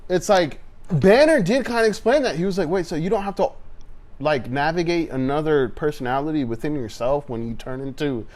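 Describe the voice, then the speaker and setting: A man co-hosting a podcast, chatting casually and excitedly, acting out scenes with quick voices. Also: on the high side. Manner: animated, swearing, acts out scenes in quick voices. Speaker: podcast co-host. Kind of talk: casual chat.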